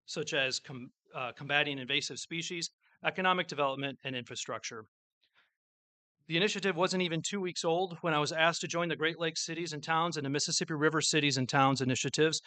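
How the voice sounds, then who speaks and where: A man's voice: on the high side, bright, forceful tone, dry recording. A man giving a formal public address as mayor, telling a story with small slips. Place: public event with an audience.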